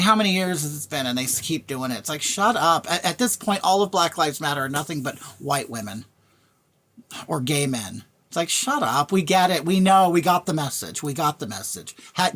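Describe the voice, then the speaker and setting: A woman talking bluntly to her live-stream chat, thanking viewers by name and repeating her points in a ranting way. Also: lowish voice. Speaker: livestreamer reading chat. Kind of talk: casual live-stream rant.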